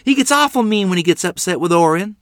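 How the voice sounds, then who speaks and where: A man's voice: mid-range voice, big pitch swings, fairly quick, a bit bright, no echo, clean studio sound, pitched above the performer's own voice. A man voicing an anxious young girl who pleads tearfully in a read-aloud story. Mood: pleading.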